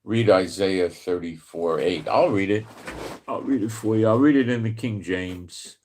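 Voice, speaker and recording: A man with a New York accent speaks slowly in a very low voice. He drifts from point to point in casual commentary, chuckling now and then, and stretches out scripture when he reads it aloud. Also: a little mellow, a little hiss or hum. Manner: rambling, chuckles often, reads verses slowly and deliberately. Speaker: Bible prophecy channel host. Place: home in Israel.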